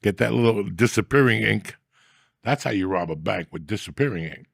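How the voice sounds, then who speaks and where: Gravelly, husky middle-aged man, profane rambler. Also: lowish voice, animated, brisk, no room sound, clean studio sound. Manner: profane, rambling, mock-gruff. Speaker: podcast host. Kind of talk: casual comedic rant.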